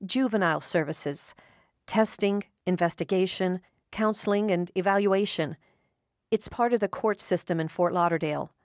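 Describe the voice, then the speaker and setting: A woman voicing a calm, kind psychologist who speaks gently and reassuringly. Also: on the low side, normal speed, dry recording, clean studio sound, lightly acted. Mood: gentle.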